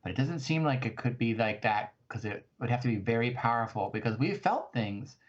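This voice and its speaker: A man playing his character at a tabletop game, rambling excitedly and tripping over restarts. His pitch is middling. The sound is dull and lo-fi. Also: fairly quick. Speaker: player.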